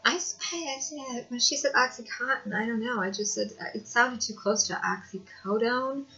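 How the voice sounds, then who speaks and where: A woman's voice: fairly high pitch, moderate pace, bright, forceful tone. A woman telling a personal story to camera in a rambling, conversational way, with hesitations. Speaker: video blogger. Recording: dull lo-fi home recording.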